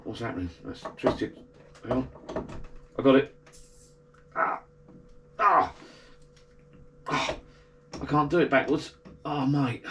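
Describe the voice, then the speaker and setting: A man's voice: medium pitch, background noise. A man chatting casually to an action camera in his garden shed bar, rambling and grumbling. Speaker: vlogger.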